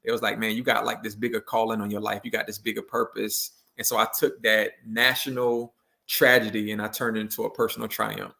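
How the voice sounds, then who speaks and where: A man's voice: on the low side, flat delivery, fairly quick, gravelly, sharp tone. A man, a motivational speaker and education consultant, telling a story in a video interview. He speaks loosely, with many likes, and acts out the quotes.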